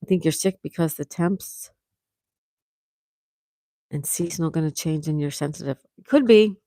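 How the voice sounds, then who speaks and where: A woman's voice: low-pitched, moderate pace, warm tone, no echo, clean studio sound. A woman hosting a casual morning livestream, reading viewer comments aloud and chatting, with a sore throat. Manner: chatty, reads out comments, frequent laughs. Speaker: livestream host reading chat. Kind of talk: casual live chat with viewers.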